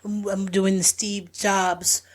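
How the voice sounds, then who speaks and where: A woman's voice: mid-range voice, little pitch movement, takes it slowly. A woman co-hosting a casual podcast, reacting often and finishing her co-host's sentences. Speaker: podcast co-host. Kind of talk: casual chat.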